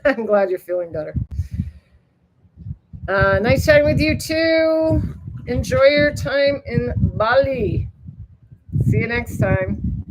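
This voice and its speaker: A woman talks loosely and at length to her live viewers, drifting from topic to topic with frequent laughs. She swears in passing and jumps up in excitement whenever she greets someone by name. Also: high-pitched, slow, long pauses, poor audio. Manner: chatty and rambling, laughs often, swears casually. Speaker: livestream host reading viewer chat. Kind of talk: casual rambling live chat.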